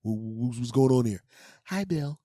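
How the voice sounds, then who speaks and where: A man's voice: mid-range voice, expressive, unhurried, dark tone, dry recording, studio quality, voice pushed up. A man voicing a jealous husband who stammers and confronts a stranger over his wife. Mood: indignant. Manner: flustered, stammering and indignant.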